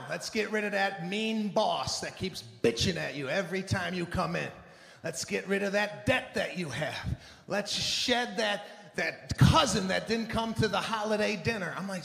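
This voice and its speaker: A man doing a stand-up set, animated and exasperated, acting out the people around him. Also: high-pitched, moderate pace, creaky, slight background noise. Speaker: stand-up comedian. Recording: live room with hall echo.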